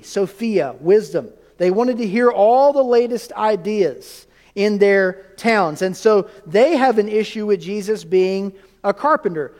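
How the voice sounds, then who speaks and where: A male pastor with a high voice delivers a teaching sermon, tossing questions to his congregation and answering them himself. His words ring out with the long reverb of a church sanctuary. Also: a little mellow.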